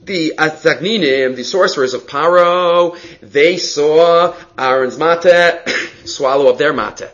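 A man teaching a daily Talmud class, reading lines aloud and explaining them with lively rhetorical questions and frequent restarts. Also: a little high, unhurried, highs cut off.

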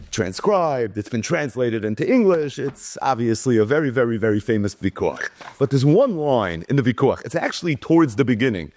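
In a clean studio recording with no echo, a Torah teacher with a mid-range voice gives a Talmud lecture. He reads lines in Hebrew and Aramaic, translates them, and tells the story with animation, acting out the quoted speakers.

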